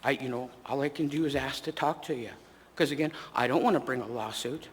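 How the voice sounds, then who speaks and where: A man's voice: medium pitch, brisk. A middle-aged man giving frustrated, pleading public testimony at a podium microphone in a council chamber. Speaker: public commenter. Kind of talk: public testimony at a city meeting. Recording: echoey chamber with faint background noise.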